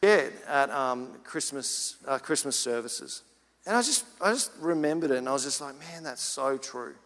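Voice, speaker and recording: A man's voice: mid-range voice, lively intonation, moderate pace, fairly bright tone. A man preaching a sermon as pastor, chatty and personal, then building to earnest emphasis. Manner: casual preaching, rising to urgent emphasis. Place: church. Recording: church hall reverb.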